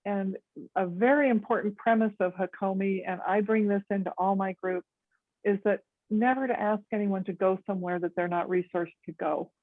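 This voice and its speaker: A woman's voice: mid-range voice, steady tone, normal speed, no room sound. American woman speaking over a tinny call. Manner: gentle, thoughtful, many ums. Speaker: guest speaker on conflict resolution. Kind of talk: casual talk to a meditation group.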